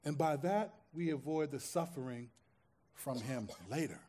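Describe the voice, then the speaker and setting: A man preaching a sermon as pastor, swinging from hushed, quiet stretches to loud, impassioned peaks and repeating phrases for emphasis. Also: on the high side, measured pace.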